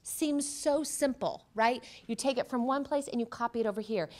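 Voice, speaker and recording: A woman psychotherapist giving a workshop presentation, talking conversationally, asking the audience questions and acting out quoted remarks with lively jumps in voice. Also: a little high, moderate pace. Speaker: cancer psychotherapist.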